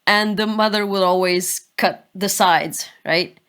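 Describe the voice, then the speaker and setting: Chatty woman co-author, tells stories, laughs easy, mid-pitch voice. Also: fairly even intonation, measured pace, a bit bright, smooth. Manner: chatty storyteller, laughs easily. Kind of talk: conversational podcast discussion.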